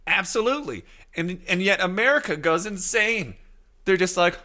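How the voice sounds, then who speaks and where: A man in his thirties hosting a casual solo podcast, rambling loosely and reacting to his chat, now and then slipping into high silly voices to quote people. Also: lively intonation, moderate pace, bright, forceful tone. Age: 30s. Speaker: podcast host.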